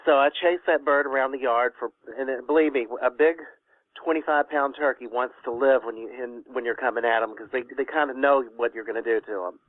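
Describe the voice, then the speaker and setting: A man's voice: mid-range voice, fairly even intonation, a little fast, dry recording. A man with a Kentucky Southern accent calling in to a talk show and telling a rambling, folksy story. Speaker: caller. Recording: dry, tinny phone line.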